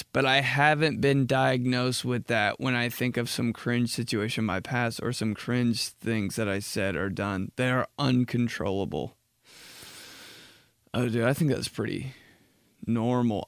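A young man in his twenties hosting a casual solo podcast, rambling and animated, with lots of "like" filler and quick jumps into jokey high voices. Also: clean tone, no echo, studio quality. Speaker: podcast host.

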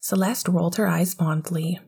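A woman narrating an audiobook in a soft, half-whispered voice. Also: on the low side, steady tone, normal speed, vocal fry, husky.

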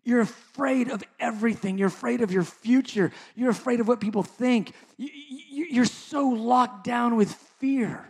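A middle-aged man preaching a sermon as pastor, impassioned and then soft and intimate by turns. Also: extremely high pitch, measured pace, few pauses, slightly rough.

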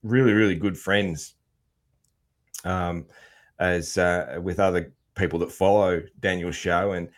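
Australian male podcast host, lowish voice, easygoing and rambling. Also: fairly even intonation, measured pace. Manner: laid-back, lots of fillers and restarts. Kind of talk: casual chat.

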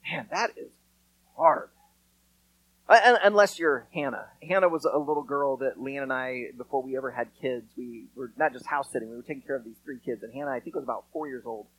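A man preaching a sermon in a casual, conversational way, acting out quotes with lively storytelling. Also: medium pitch, a little fast, husky, poor audio. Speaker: pastor.

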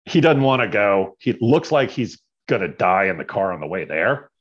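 Animated man telling a story. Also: on the low side, moderate pace, husky, dull audio. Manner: animated storyteller, tags lines with "right?". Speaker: guest storyteller. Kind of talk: casual anecdote telling.

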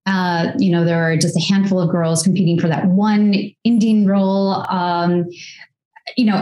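Reflective woman with a low voice, echoey room. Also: darkish tone. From United States. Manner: reflective, talkative, many fillers. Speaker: actress and guest. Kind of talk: casual interview conversation.

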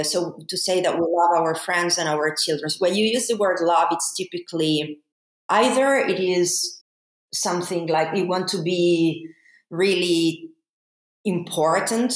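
A woman speaks in a lowish voice, explaining ideas step by step and pausing on fillers as she thinks. Her voice carries the echo of a reverberant room. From Italy. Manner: measured, thinks aloud with fillers. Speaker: guest academic. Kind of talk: explanatory interview talk. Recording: echoey room.

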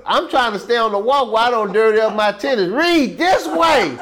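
A man, a guest telling humorous stories in an interview, animated and laughing, full of slang. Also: sits high, fast, a crowd in the background.

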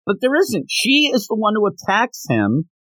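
Husky, lively podcast co-host. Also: medium pitch, moderate pace, no room sound. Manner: animated, jokey retelling of comic panels with quoted lines. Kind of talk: casual chat about comics.

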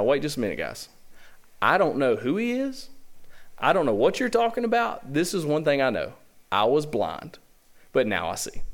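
Animated Southern preacher man, lively pitch. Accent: Southern American. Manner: animated, emphatic preaching with rhetorical questions. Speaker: senior pastor. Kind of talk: sermon. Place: church sanctuary.

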